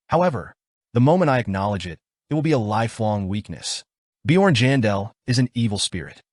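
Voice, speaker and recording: A man narrating a story recap in the first person, with a brisk, wry storytelling manner. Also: on the low side, no echo, studio quality.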